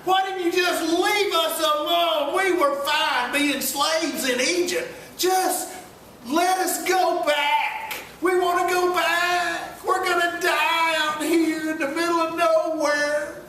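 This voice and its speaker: A desperate, whining crowd shouting out their panic in a high, strained voice, as a preacher puts it on. The voice is pushed well above his usual pitch. It echoes heavily around the room and sounds distant from the mic. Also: steady tone, slow, slight background noise, heavily acted. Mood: wailing despair. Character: panicked complaining crowd of Israelites, wailing.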